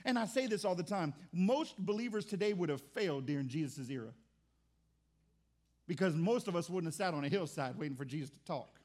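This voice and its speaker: Pastor, high-pitched male voice, chatty sermon delivery, mocks whiny churchgoers. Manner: conversational preaching with repeated restarts; acts out churchgoers' complaints in mock voices.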